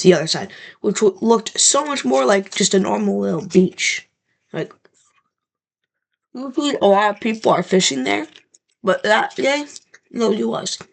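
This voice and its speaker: Gravelly-voiced young woman rambling to camera. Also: mid-range voice. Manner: rambling, profane, lots of fillers. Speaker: vlogger. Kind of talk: casual storytelling to camera.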